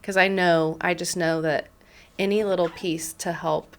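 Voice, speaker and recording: Supportive female podcast host, lowish voice. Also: steady tone, a little slow. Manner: supportive, frequent short affirmations. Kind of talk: interview conversation.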